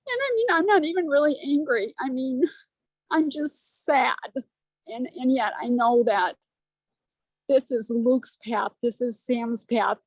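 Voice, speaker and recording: A woman's voice: high-pitched, expressive, a little slow, no room sound, rough recording. A woman telling a personal story on a video call in a rambling, earnest way, close to tears. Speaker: study group member.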